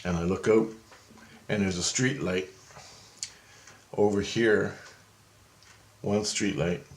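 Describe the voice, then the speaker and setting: A man telling a story in casual, rambling style, growing excited and swearing freely. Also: on the low side, takes it slowly, slight background noise. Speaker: vlogger.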